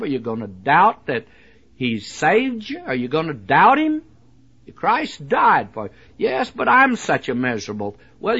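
A man's voice: fairly high pitch, fairly bright tone, breathy edge. A man preaching a radio sermon, earnest and pleading, repeating his phrases with frequent "uh" fillers. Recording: dull lo-fi old radio broadcast.

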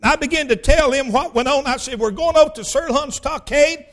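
A male pastor, telling a personal story in a sermon in a folksy, emphatic way that bursts into shouting. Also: very high voice, brisk.

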